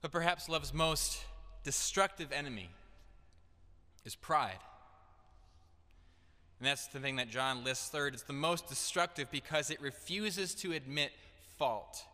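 Young male preacher, earnest sermon delivery, bright tone, long hall reverb. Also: a little high, a little slow. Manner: earnest, direct, building to emphatic declarations. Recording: echoey hall.

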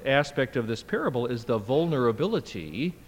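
A man in his fifties preaching in a loose, conversational way, stopping to restart his sentences as he thinks aloud. His voice sits at an ordinary pitch for a man. A long reverb trails each phrase, with faint ambient noise under it. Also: big pitch swings, brisk. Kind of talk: sermon. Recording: long reverb from a large hall.

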